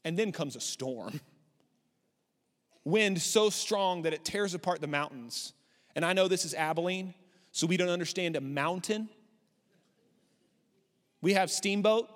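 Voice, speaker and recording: A man in his thirties preaching a sermon as a pastor, animated and swinging up high when he voices a despairing prophet. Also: unhurried, pauses often. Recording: long hall reverb.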